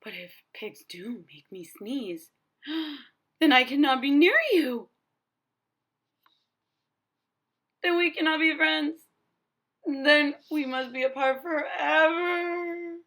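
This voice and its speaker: Lady doing a worried elephant guy, slow stammery talk, keeps sneezing, voice swoops up and down. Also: medium pitch, expressive, slightly rough, pitched below the performer's own voice, exaggerated voice. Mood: worried, dramatic. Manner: slow, halting, prone to sneezing fits. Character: anxious elephant boy, dramatic and worried.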